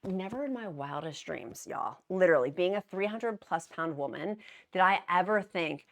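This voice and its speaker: Brief: woman in her thirties, jokey vlogger, animated pitch swings. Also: moderate pace. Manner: chatty, jokey, laughs at herself, says "y'all" and "honey". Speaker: weight-loss vlogger. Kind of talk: casual chat to camera.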